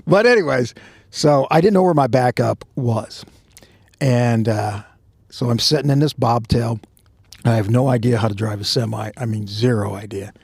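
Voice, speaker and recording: A man's voice: medium pitch, normal speed, gravelly, a little mellow, slightly rough, no echo, clean studio sound. A man and former undercover cop on a podcast, telling a rambling, self-mocking story with quoted dialogue. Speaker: podcast co-host, former undercover police officer. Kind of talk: casual storytelling.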